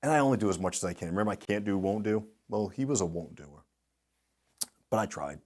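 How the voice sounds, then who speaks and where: A middle-aged man with a fairly low voice talks as an interview guest. He tells lively anecdotes and slips into the voices of the people he quotes. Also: fast. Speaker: guest speaker, industry consultant. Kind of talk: storytelling in a podcast interview.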